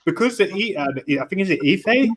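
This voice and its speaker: A man calling in for casual chat, halting and often repeating words while he searches for them. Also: high voice, lively intonation, fairly bright tone, low-quality recording. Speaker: caller.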